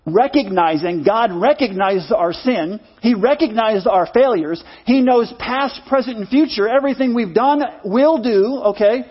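A man's voice: sits high, animated, measured pace, hardly any pauses, husky, lo-fi sound. A middle-aged male pastor preaching a sermon in an earnest, repetitive style, leading the congregation in call-and-response.

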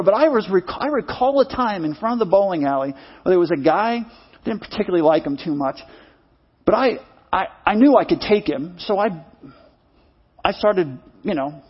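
A man's voice: sits high, slightly rough, lo-fi sound. A middle-aged male pastor preaching a sermon in an earnest, repetitive style, leading the congregation in call-and-response.

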